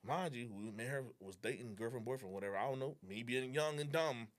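Fast-talking young man telling a story. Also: mid-range voice. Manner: animated, reenacting dialogue; slangy and profane. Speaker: guest. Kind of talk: casual storytelling.

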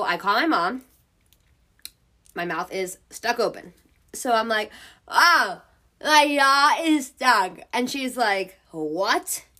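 A woman's voice: medium pitch, pushed and bright. A young woman hosting a podcast, telling a personal story in a frank, profane way and laughing often. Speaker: podcast host. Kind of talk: casual storytelling.

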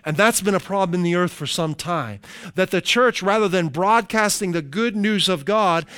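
A middle-aged male pastor preaching with a high, smooth and resonant voice. He slows down to stress key phrases, then eases into chatty, everyday asides. The sound is dry and close. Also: fairly bright tone, no echo. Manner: slows down for emphasis, conversational asides. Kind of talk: sermon.

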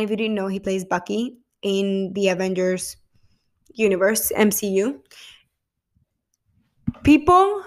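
A young woman chats casually to camera about a show she loves. She gushes and swears freely, acting out what people said. Her voice sits a little high. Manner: gushing, emotional, swears freely, quotes people in animated voices. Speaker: vlogger reviewing a TV episode. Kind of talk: casual chat.

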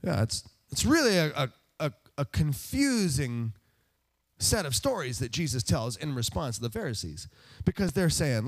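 Male pastor, somewhat high voice with lively, swooping pitch; chatty sermon full of rhetorical questions and self-deprecating asides. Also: normal speed. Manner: conversational, asks the congregation rhetorical questions.

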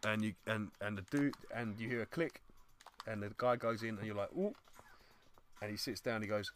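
A man's voice: on the low side, moderate pace, fairly bright tone. Man spinning comic scenarios. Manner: builds scenarios, acts out posh politeness. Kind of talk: casual banter.

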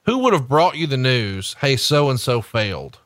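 Mid-pitched man pressing interview questions. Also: sing-song, measured pace, fairly bright tone, no room sound, clean studio sound. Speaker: podcast host.

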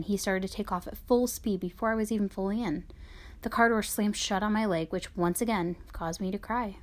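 An author reads her own personal memoir aloud at a middling pitch. Her delivery is quiet and subdued, at times sinking almost to a whisper.

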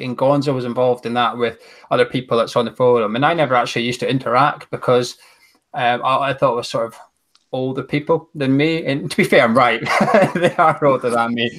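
A man's voice: medium pitch, a bit bright. A man from Aberdeen with a Scottish accent, a guest telling a friendly, rambling story in casual chat. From Aberdeen, Scotland. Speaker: guest, co-host of a fan show.

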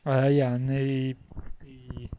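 A man's voice: medium pitch, completely flat delivery, slow, warm tone, a little hiss or hum. A man co-hosting a casual podcast, easygoing and agreeable, with a lot of filler words. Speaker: podcast co-host. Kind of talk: casual chat.

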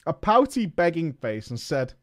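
A streamer with a fairly high, sing-song voice reads a story aloud to his viewers at a normal speed. He keeps breaking off to swear, laugh and crack jokes with the boys.

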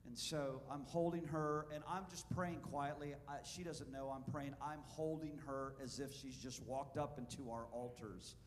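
A man preaching an animated sermon to a congregation in a church, telling a story and asking his listeners questions. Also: mid-range voice, normal speed, few pauses, in a large hall, a little hiss or hum. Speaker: pastor. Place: church sanctuary.

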